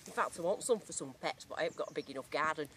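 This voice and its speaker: Deep-voiced and rapid-fire, with lively intonation and a somewhat bright sound, she narrates a casual vlog while metal detecting in an English field. She has a strong regional accent, jokes around and uses lots of slang, and slight background noise is present.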